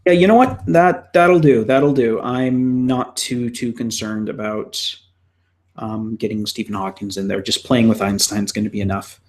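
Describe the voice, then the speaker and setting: A man's voice: mid-range voice, steady tone, normal speed. A man illustrator chatting casually on a live stream, rambling and talking to himself while he draws. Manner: rambling, self-talking, scattered fillers.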